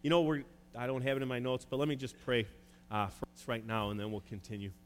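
A man preaching a sermon as a pastor, earnest and pausing often with "uh" as he urges listeners to repent. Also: medium pitch, level tone, faint music behind. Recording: echoey hall with faint hum.

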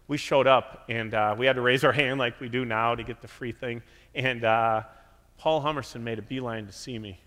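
A man preaching a sermon from a church sanctuary, animated and lively, acting out the quotes he tells. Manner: animated, acts out quotes with big pitch jumps. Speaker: pastor. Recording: reverberant church hall.

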